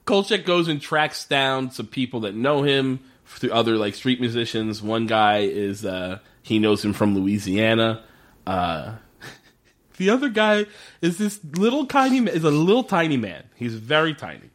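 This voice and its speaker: A man's voice: mid-range voice, measured pace. A man co-hosting a casual chat, recapping a TV episode, laughing often and swearing freely. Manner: laughing often, animated, profane. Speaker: podcast co-host.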